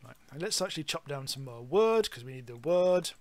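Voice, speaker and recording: A man's voice: on the high side, lively intonation, fairly quick, no room sound. A British man giving rambling, casual commentary on a live game stream, swearing freely.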